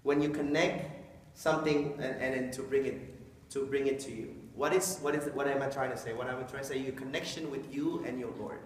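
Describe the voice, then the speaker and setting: A man's voice: mid-range voice, steady tone, brisk, a little hiss or hum. A man giving an informal, joking talk to a live audience, often acting out quoted voices. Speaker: speaker explaining Islam to an audience. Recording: echoey hall from a distant mic.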